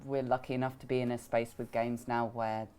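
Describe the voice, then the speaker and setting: Voice actor guest, woman, very low voice, thoughtful and explanatory. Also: flat delivery, a little fast, mellow, clean tone. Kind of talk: panel chat on a livestream.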